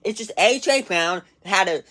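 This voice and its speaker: A woman's voice: mid-range voice, expressive, moderate pace, a bit bright. A young woman managing a fantasy league team, talking casually in an exasperated, self-critical, slangy way. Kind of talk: casual recap monologue.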